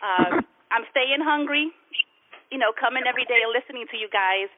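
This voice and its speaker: A woman's voice: a little high, a little fast, slight background noise. A woman calling in, sharing casually and rambling with many fillers. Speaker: caller. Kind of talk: casual sharing on a group call. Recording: dry tinny phone line.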